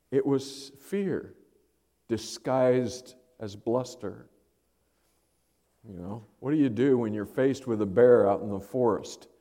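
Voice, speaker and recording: A man's voice: medium pitch, dark tone, long reverb tail. A male pastor preaching a sermon in a conversational, thinking-aloud manner.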